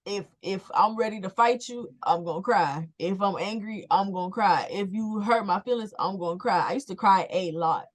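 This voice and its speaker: A woman's voice: medium pitch, moderate pace, hardly any pauses. A young adult woman co-hosting a podcast, talking candidly in casual chat and laying things out step by step. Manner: candid, talks in plans and repeats herself. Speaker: podcast co-host.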